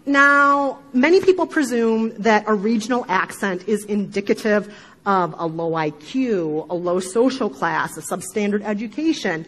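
A middle-aged woman with a Midwestern accent, giving an animated talk to a live audience, with emphatic asides and frequent laughter. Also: mid-range voice, measured pace, poor audio. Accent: Midwestern American. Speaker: podcast speaker giving a talk.

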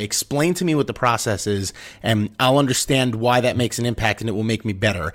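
A man with a mid-pitched voice hosting a sports podcast. He talks in a casual, earnest and opinionated way about the team and its coach. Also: brisk, hardly any pauses. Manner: teasing, then earnest and opinionated. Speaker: podcast host.

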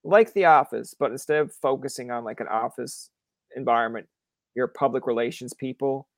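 A man's voice: mid-range voice, normal speed, no echo. Profane rambling young Canadian man. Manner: rambling, profane, lots of fillers and acted-out quotes. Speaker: podcast host. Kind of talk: casual chat.

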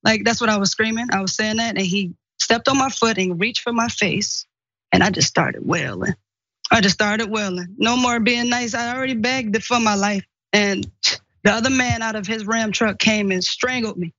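A woman's voice: fairly high pitch, moderate pace, no room sound, dull audio. A woman giving an emotional first-person account, acting out the voices of people she quotes. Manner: animated storytelling, acts out quoted speech. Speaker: guest recounting an assault.

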